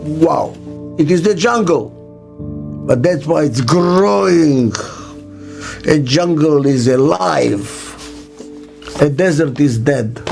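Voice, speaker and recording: An older man gives a reflective interview in a measured, unhurried way. He has a fairly high voice for a man and leans on repeated phrases and rhetorical questions. Soft music plays faintly underneath. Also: creaky. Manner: emphatic, deliberate, repeats key phrases, asks rhetorical questions. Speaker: business consultant interviewee.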